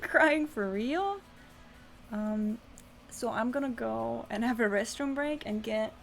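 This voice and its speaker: Slow gravelly-voiced woman streamer. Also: a little high, a little hiss or hum. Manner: swings between casual chat with viewers and reading story text aloud. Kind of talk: live-stream chat while reading a text adventure aloud.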